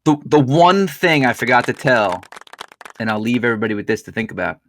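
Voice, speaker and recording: A man's voice: mid-range voice, sing-song, a little fast, fairly bright tone, slight background noise. A man hosting a podcast, telling a story in casual chat, swearing freely. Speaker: podcast host.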